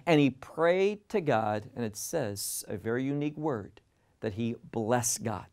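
A man explains scripture line by line in a slow, deliberate teaching voice. He leans on key words and repeats them to drive a point home. His pitch sits in an ordinary middle range. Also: animated, darkish tone, smooth. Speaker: Bible teacher. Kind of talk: verse-by-verse Bible teaching.

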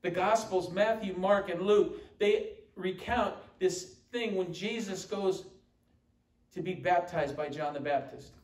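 A man's voice: high voice, unhurried. A man preaching a sermon as pastor, emphatic and quoting scripture. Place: church sanctuary. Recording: echoey church room from far off.

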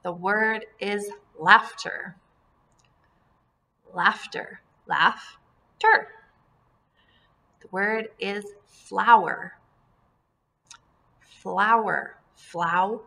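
A woman teaching a second-grade class, drilling words and syllables slowly and clearly and encouraging the children. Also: mid-range voice, fairly even intonation, sharp tone. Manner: slow, deliberate word drills with clear enunciation. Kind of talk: phonemic awareness lesson for young children.

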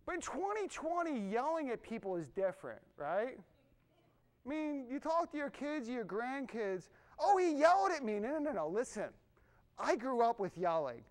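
A middle-aged man preaching a sermon in a conversational, animated way, with asides to the congregation. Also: extremely high pitch, moderate pace. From Irish family background. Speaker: pastor.

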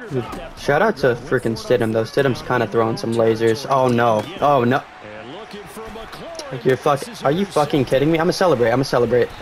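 Young male gamer, excitable, swears freely, game crowd roaring behind. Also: mid-range voice, brisk. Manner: excitable, swears, yells at big plays. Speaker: gaming streamer. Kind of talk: live game commentary.

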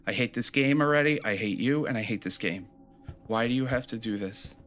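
A man's voice: a little fast, a bit bright, soft background music. A man commenting on a horror game as he plays, joking and sarcastic, reading the game's notes aloud. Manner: playfully mocks the game with sudden high squeals. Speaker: gameplay commentator.

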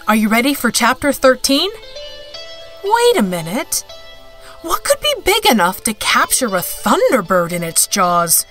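A woman podcast host introducing the show in a welcoming, announcing style. Her voice is high and swoops animatedly, with faint music playing behind her. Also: fairly bright tone.

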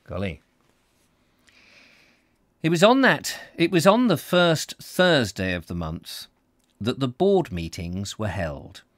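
A man narrating a novel in an expressive reading with small slips. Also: mid-range voice, takes it slowly, long pauses, dry recording, clean studio sound. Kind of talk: audiobook reading.

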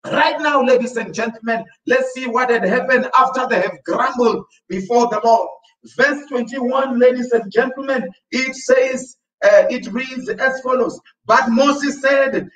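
Man, South African accent, pastor, sermon, high-pitched, distant echoey church recording. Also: unhurried. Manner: preaching with repeated calls of "ladies and gentlemen".

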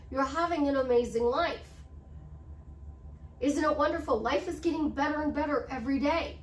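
Upbeat high-voiced woman life coach. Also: slight background noise. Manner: upbeat, repeats affirmations, chatty asides. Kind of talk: casual motivational talk to camera. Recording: roomy sound, distant from the mic.

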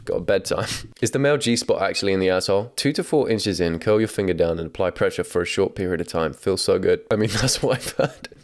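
Low-voiced young man doing comedic commentary. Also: fast. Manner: wry, laughs often, casual swearing. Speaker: commentary host.

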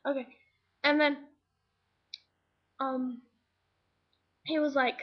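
High-voiced woman rambling into a webcam. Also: fairly even intonation, a little slow, long pauses. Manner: chatty and dramatic, with lots of "like" fillers. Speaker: vlogger. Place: indoors at home. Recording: slightly muffled webcam audio.

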